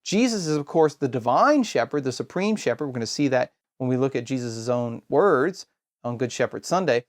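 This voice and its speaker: A man giving a scripture lesson in a steady explanatory way, posing rhetorical questions and pausing for emphasis. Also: medium pitch. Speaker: Bible teacher.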